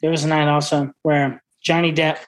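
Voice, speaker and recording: A man's voice: fairly high pitch, flat delivery, moderate pace, low-quality recording. Brash, profane man telling stories. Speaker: restaurant owner and wine expert. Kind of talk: casual interview.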